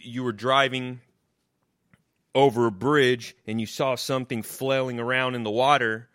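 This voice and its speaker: A man's voice: medium pitch, fairly bright tone. A man delivering a profane, mocking comic rant, swearing constantly and hammering the same insults. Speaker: comedian.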